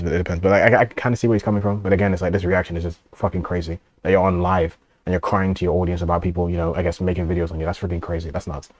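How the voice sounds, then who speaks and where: A man's voice: deep voice, a little mellow, dry recording. A man streaming and reacting to a video, rambling and swearing with frequent laughs. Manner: rambling, profane, laughs often.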